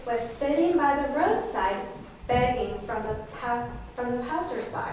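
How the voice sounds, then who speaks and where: A woman's voice: fairly high pitch, a little slow. Young woman teacher telling a bible story to little kids, acts out the voices, far off in an echoey noisy classroom. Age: young adult. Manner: animated, acts out voices and prompts children. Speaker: student teacher. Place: school classroom. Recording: echoey room from far off with noise.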